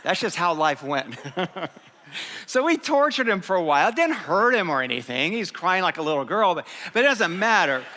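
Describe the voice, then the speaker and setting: Bright-voiced man preaching in a reverberant hall. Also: high voice, normal speed, a little hiss or hum. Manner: animated, lively storytelling with laughter. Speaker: pastor. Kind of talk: sermon with personal storytelling. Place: church.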